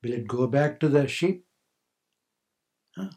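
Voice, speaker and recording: Taking it slowly, an older spiritual teacher turns his talk into a playful story, voicing each character and laughing frequently throughout this storytelling sermon. He speaks with a medium-pitched, animated voice that is creaky and somewhat dark in tone.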